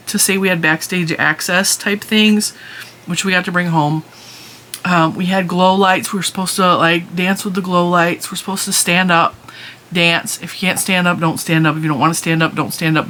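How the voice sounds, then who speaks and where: Bright, animated woman vlogger, middle-aged, chatty storyteller who laughs easily. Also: fairly low pitch. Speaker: crochet channel host. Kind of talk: casual chat.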